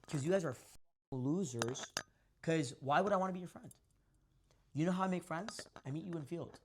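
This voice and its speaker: A man's voice: a little high, normal speed, long pauses, slight background noise. A young man talking as a guest on a podcast, boastful, brash and profane. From Indian descent. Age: young adult. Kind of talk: casual podcast talk.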